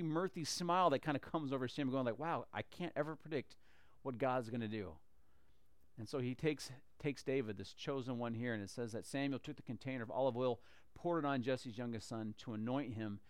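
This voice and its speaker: A man's voice: fairly high pitch, clean tone, no echo. A man teaching a Bible story in a casual, conversational way, acting out the characters as he goes. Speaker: church teacher.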